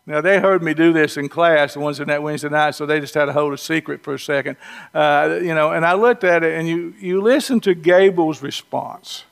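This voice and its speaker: With a clean tone, vocal fry, and a fairly high, fairly quick voice, a Southern-accented man from North Georgia or North Alabama preaches in a conversational, folksy style, weaving stories and funny asides into his sermon.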